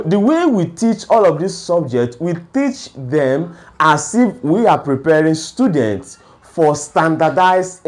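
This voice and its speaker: A man's voice: a little high, a little mellow. A man giving a lecture-style talk on education, asking rhetorical questions and then answering them. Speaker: education speaker.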